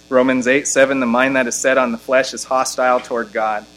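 The audio is poor, and the preacher's voice is a bit bright, with little movement in pitch. He works through an expository sermon, reading scripture aloud and pressing his points ever harder. Important lines rise in pitch and volume, and he slows down to stress the scripture.

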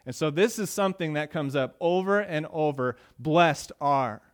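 A pastor with a fairly high-pitched voice speaks a little fast as he preaches to his congregation. His delivery is casual and conversational, but it rises with emphasis whenever he reads out verses.

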